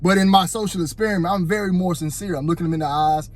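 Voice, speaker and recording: A vlogger with a high voice talks fast into his phone in a casual, preachy opinion monologue. He speaks straight to the "fellas" and keeps asking "you know what I'm saying."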